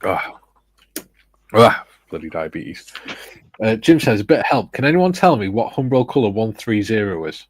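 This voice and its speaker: A man hosting a casual livestream chat who reads viewer comments aloud in a relaxed way. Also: fairly low pitch, normal speed. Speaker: stream host.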